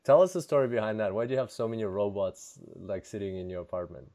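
Fairly low-pitched and dark-toned, this man talks quickly and expressively with no echo. He hosts a podcast, opening and interviewing with eager enthusiasm; a native Russian speaker, he uses many fillers and says "like" a lot.

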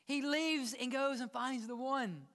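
High-voiced preacher with hushed, dramatic delivery. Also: male voice, a little slow, long reverb tail. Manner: dramatic, drops to hushed whispers and rises to emphatic peaks; addresses the congregation directly. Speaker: pastor. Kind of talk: sermon. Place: church sanctuary.

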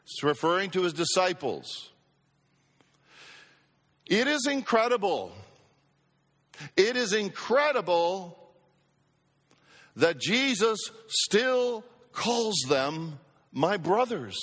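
Man, pastor, sermon, high voice, slow emphatic delivery, congregation call-outs, long church-hall reverb. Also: sing-song, a bit bright. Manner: emphatic, repeats phrases for effect, calls for congregation response. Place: church sanctuary.

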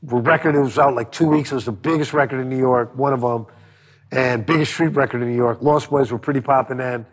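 A man being interviewed as a record producer, telling animated stories, acting out quotes and swearing freely. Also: mid-range voice, brisk, breathy edge, in a large hall. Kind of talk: storytelling interview.

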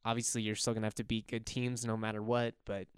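A man's voice: fairly low pitch, monotone, fast, smooth, no echo, studio quality. A young man hosting a casual college basketball podcast, rambling and chuckling as he talks. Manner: rambling, chuckling, self-correcting. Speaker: podcast host. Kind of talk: casual sports podcast talk.

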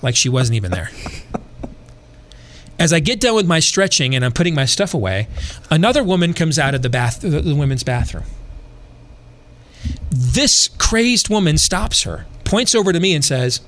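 A man hosting a podcast, telling a long personal story in a casual, animated way, repeating himself and adding dry asides. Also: on the high side, moderate pace. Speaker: podcast host.

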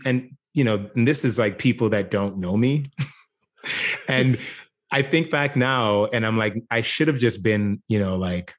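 A man born in Jamaica speaks as a guest on an interview podcast, his voice sitting fairly low. He talks in a relaxed, reflective way and often pauses on "like" and "you know.". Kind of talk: casual interview conversation.

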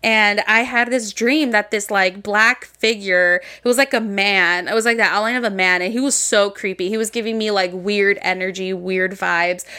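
Bright, animated young woman co-host. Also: mid-range voice, moderate pace, hardly any pauses, smooth. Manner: animated, laughs often, mixes Spanish into English. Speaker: podcast co-host. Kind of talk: casual storytelling chat.

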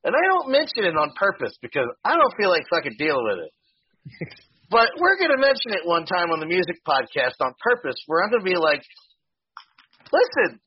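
A man's voice: high-pitched, wildly swooping pitch, a little fast, slightly rough, dull audio. A man hosting a podcast in a casual, profane, ranting way with laughing asides. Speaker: podcast host.

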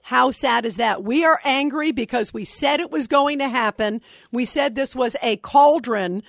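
A woman's voice: high-pitched, moderate pace, creaky, no echo. A woman hosting a call-in talk radio show, speaking in an impassioned, outraged and emphatic way into a studio microphone. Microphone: studio microphone, dry.

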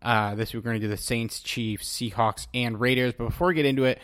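A man's voice: mid-range voice, fast talker, smooth, dry recording, clean studio sound. A man hosting a casual sports podcast, chatting loosely and reading posts aloud to his co-host. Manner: relaxed, reads tweets aloud to his co-host.

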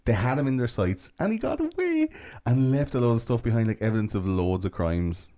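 A man's voice: mid-range voice, very animated, fairly quick, warm tone. A man hosting a podcast, telling a true-crime story in a casual, profane, joking way. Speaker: podcast host.

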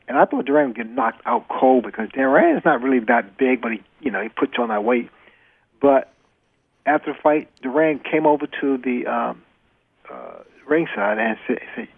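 Gravelly man on a tinny phone line. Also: mid-range voice, no room sound. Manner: earnest, repeats phrases for emphasis. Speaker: retired boxer, guest. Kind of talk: interview storytelling.

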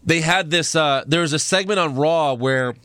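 A man co-hosting a loose, profane chat, with a bright, fairly high voice. He rambles and laughs at his own stories. The sound is close and dry, with no room around it. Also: moderate pace, clear, resonant tone, no echo. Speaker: podcast co-host. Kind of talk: casual wrestling chat.

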